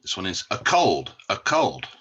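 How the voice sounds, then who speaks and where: Man, English teacher, slow careful delivery, lively up-and-down pitch. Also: husky. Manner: slow, repeats each word for learners to copy. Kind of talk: recorded vocabulary lesson.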